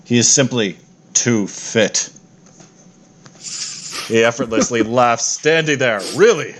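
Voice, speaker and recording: A man's voice: medium pitch, slow, fairly bright tone, slight background noise. A man narrating a tabletop game as game master, playful and often correcting himself as he goes.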